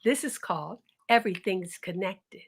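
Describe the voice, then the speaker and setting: A woman storyteller telling folktales in a dramatic, expressive way, talking directly to her listeners. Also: mid-range voice, moderate pace, breathy edge.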